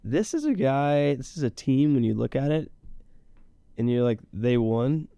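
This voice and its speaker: A man co-hosting a casual podcast, rambling through his points and teasing his friend. His voice is mellow and dark, recorded dry and close. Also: medium pitch, animated, unhurried, smooth, no echo. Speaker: podcast co-host. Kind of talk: casual chat. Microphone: podcast mic.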